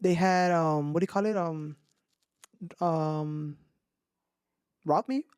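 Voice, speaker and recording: A man telling scary stories on a casual podcast, animated, swearing and slipping into slang. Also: on the high side, slow pace, smooth, no room sound, clean studio sound. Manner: animated, swears a lot, mixes in Spanish slang. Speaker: podcast host. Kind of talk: casual storytelling chat.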